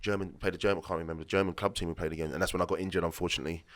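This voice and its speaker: A man's voice: low-pitched, flat delivery, racing, fairly bright tone. A man in his late thirties, a former footballer and podcast guest, telling rambling stories in a casual way and acting out the dialogue he quotes. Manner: rambling anecdotes, restarts, acts out quoted dialogue. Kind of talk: casual conversational storytelling.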